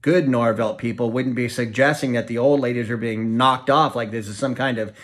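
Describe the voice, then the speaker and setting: A man's voice: medium pitch, steady tone, a little fast, fairly bright tone, close to an everyday voice. A man voicing a blunt, matter-of-fact middle-aged father in an audiobook reading.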